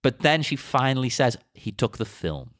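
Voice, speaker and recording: A man's voice: mid-range voice, big pitch swings, moderate pace, a bit bright, no echo, studio quality. A man co-hosting a podcast, chatting casually and telling stories with short laughs. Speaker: podcast co-host. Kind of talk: casual chat.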